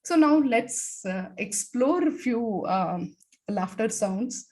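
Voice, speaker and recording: Woman, laughter workshop leader on a video call, slow pace, lots of fillers. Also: fairly high pitch, animated. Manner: leads the group, demonstrating laughter sounds with loud bursts; talks with many fillers. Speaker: laughter yoga expert. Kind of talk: guided laughter exercise talk.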